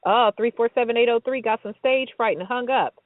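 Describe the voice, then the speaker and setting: A woman's voice: a little high, fairly quick, no room sound. A woman co-hosting a casual radio talk show, chatty and upbeat, often laughing. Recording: dry, tinny phone-like sound.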